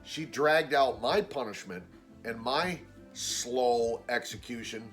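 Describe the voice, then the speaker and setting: A man's voice: slow, fairly bright tone, soft background music. A man telling a story in a casual vlog, blunt and exasperated, swearing freely and acting out what other people said. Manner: acts out quoted people with raised pitch. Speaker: vlogger.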